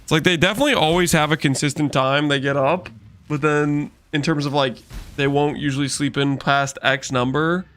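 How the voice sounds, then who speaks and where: Male game streamer, laid-back rambling chat, fillers everywhere, lightly raised pitch. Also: fairly even intonation, moderate pace, fairly bright tone. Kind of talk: casual gaming stream chat.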